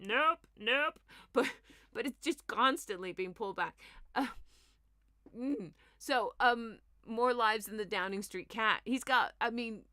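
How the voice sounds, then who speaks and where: A woman rants through the week's politics with quick jokes, sarcasm and sudden mocking impressions. Her voice sits at a medium pitch and is recorded dry and close, with no room sound. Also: dry recording. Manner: animated, mocking, slips into mimicking voices. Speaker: comedian and news show host. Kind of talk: comic news commentary with chat replies.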